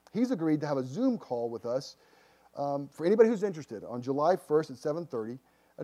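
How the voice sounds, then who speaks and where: A man preaching a sermon earnestly, swinging from emphatic declarations to quiet, hushed asides. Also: on the high side. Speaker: pastor.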